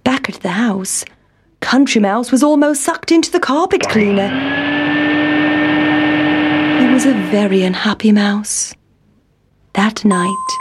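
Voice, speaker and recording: Lady reading a kids storybook, slow and gentle, a bit high pitched. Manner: gentle, expressive.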